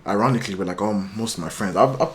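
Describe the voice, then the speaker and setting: Fast-talking young man, rambling. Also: on the low side. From Ireland. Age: young adult. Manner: rambling, many fillers and restarts, acts out quoted voices. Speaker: guest musician. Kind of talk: casual storytelling.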